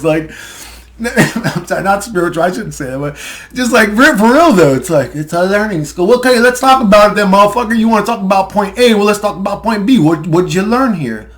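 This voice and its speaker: A man's voice: high voice, animated, a little fast. A young man delivering a heated, profane rant with sarcastic asides and bursts of laughter. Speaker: conspiracy video ranter. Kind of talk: profane ranting monologue.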